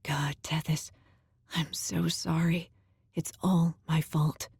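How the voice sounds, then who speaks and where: A woman's voice: low voice, flat delivery, slow pace, vocal fry, darkish tone, slightly rough, no room sound, clean studio sound, exaggerated voice. A woman narrator voicing a guilt-ridden young man, whispered role-play with gasping, tense delivery. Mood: guilty. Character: guilt-ridden young male water elemental, volatile.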